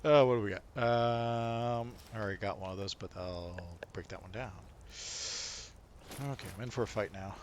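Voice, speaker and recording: A man livestreaming a video game, commenting excitedly, swearing and yelling at the enemies he fights. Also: fairly low pitch, normal speed. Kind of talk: live gameplay commentary. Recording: noisy stream audio.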